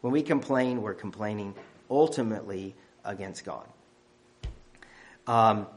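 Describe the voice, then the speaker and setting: A man's voice: fairly low pitch, darkish tone. Emphatic male preacher listing points. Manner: emphatic, counting off numbered points. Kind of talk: sermon.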